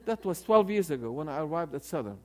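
An older man in his sixties preaches a story, his voice sitting a bit high for a man. He talks in an animated way, often stumbling and restarting his words as he goes. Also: quick pace. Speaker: preacher and theology professor. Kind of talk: storytelling sermon.

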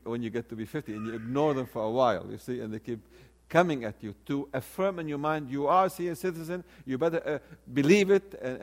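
A man in his sixties, a theology professor, telling a story in a sermon with animated delivery and frequent restarts. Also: medium pitch. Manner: animated, with many restarts and repeated words.

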